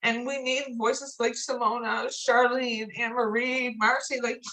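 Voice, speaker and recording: A woman's voice: a little high, flat delivery, a little slow, bright, forceful tone, low-quality recording. A woman leading a drug users' organization, crying as she speaks with heartfelt thanks on a video call, swearing freely. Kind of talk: emotional video call remarks.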